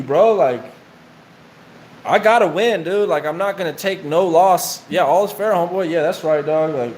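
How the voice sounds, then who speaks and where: Slight hiss or hum sits under this recording of a man with a somewhat high voice. He's getting tattooed by his friend and casually spins rambling prison tales laced with slang and profanity.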